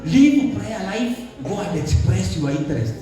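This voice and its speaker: A Kenyan man preaches with a high, swooping voice, slipping between English and Swahili phrases. His voice rings through a church hall and sounds a little distant from the mic. Soft music plays faintly underneath. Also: sing-song, measured pace. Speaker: pastor. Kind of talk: sermon.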